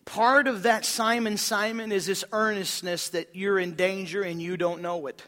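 Male pastor, fairly high bright voice, fervent sermon delivery that drops to hushed tones. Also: steady tone, moderate pace, in a large hall. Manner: impassioned preaching, swings from loud emphasis to hushed low tones.

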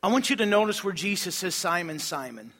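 Male pastor, fairly high bright voice, fervent sermon delivery that drops to hushed tones. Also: fast talker, in a large hall. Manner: impassioned preaching, swings from loud emphasis to hushed low tones.

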